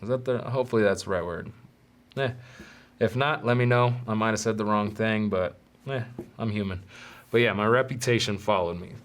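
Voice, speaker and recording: A man's voice: lowish voice, brisk. A man hosting his own podcast, telling stories from childhood in a candid, rambling, self-deprecating way. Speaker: podcast host. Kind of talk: solo storytelling podcast.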